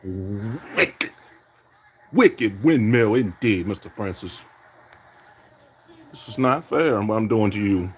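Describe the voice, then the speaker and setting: Gamer guy, lowish voice swinging up and down, trash talk and self-commentary. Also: expressive, a little slow, pauses often, darkish tone, a little hiss or hum. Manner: trash-talking, teasing opponent; catchphrase-heavy, repeating "indeed". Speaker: gamer playing basketball game. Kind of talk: self-commentary while gaming.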